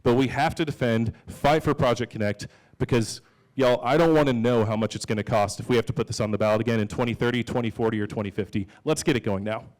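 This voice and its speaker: A man's voice: mid-range voice, fairly even intonation, fast, darkish tone. A young man, a council candidate, giving an earnest, emphatic answer at a candidate forum.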